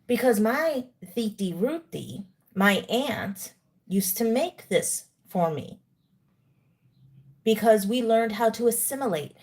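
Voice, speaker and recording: A woman's voice: on the high side, animated, slow pace, darkish tone, slightly rough. A woman hosts a livestream and talks to her chat in a lecturing, indignant way. She eats while she talks to her viewers. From New York. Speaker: livestream host. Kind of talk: live-stream commentary to chat.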